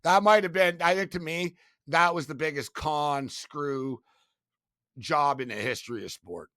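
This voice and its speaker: A man guesting on an interview, telling stories in a casual, animated, profane way, swinging between loud and soft. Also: on the high side, a little slow, dry recording, studio quality. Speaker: guest, sports betting media host.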